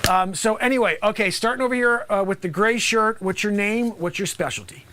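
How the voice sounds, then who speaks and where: Man doing an improv bit as a loud, bossy small-town basketball coach; high, bright voice, lots of asides. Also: fairly quick, slight background noise. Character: brash male high school basketball coach. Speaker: improv comedian host. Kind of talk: improv comedy sketch.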